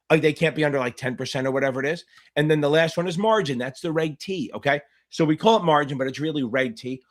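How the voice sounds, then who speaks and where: In a live-streamed Q&A for exam candidates, a middle-aged man with a fairly high-pitched voice tutors bluntly, swears freely and says provocative things. His talk keeps wandering off into rambling side stories.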